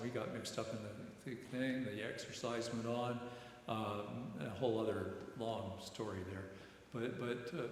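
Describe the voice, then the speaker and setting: Older man, rambling sermon in echoey hall. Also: mid-range voice. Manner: rambling, halting storytelling with many repeated words. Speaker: retired military chaplain giving a reflection. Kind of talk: informal sermon reflection. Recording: very echoey church hall, long reverb, faint background noise.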